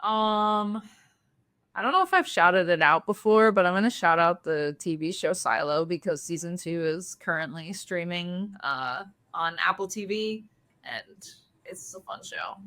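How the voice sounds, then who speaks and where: Soft-spoken hesitant woman co-host. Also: lowish voice, lively intonation, measured pace. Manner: hesitant, with frequent fillers. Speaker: podcast co-host. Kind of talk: casual chat.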